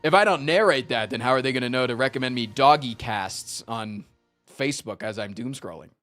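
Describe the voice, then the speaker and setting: A man's voice: mid-range voice, fairly quick, soft background music. A man livestreaming in casual chat, telling stories with lots of swearing and reading out chat messages. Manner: animated storytelling with frequent swearing; reads and answers chat messages.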